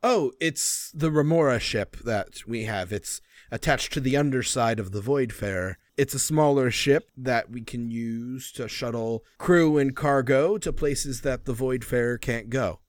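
A man narrating a science-fiction tabletop game as game master, describing scenes in a measured, descriptive way. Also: mid-range voice, dry recording, studio quality. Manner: descriptive, measured, at times drawn out.

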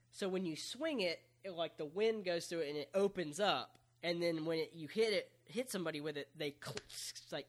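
A man with a fairly high voice talks through a match for a podcast in a relaxed, chatty way. He jokes as he goes and describes the action step by step. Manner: joking, play-by-play recap. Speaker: podcast co-host recapping wrestling. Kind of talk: casual chat.

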